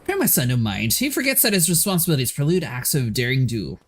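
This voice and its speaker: Streamer doing a mournful old noble, formal fantasy game dialogue, lively pitch. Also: male voice, quick pace. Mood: solemn.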